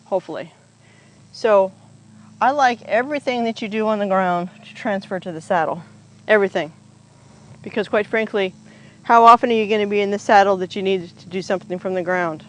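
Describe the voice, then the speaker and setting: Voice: mid-range voice, brisk, a bit bright, low-quality recording. A horse trainer working a horse outdoors, explaining each step aloud in a casual, chatty way to a camera set up nearby. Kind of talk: casual explanatory groundwork demo. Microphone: camera set up nearby on the ground.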